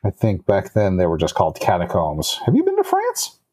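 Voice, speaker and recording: A man plays a dreamy, bubbly young vampire woman in a squeaky falsetto, scatterbrained and far higher than his own voice. Her lines jump around wildly in pitch. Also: wildly swooping pitch, fairly quick, dark tone, no echo, clean studio sound, full character voice. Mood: bubbly, ditzy.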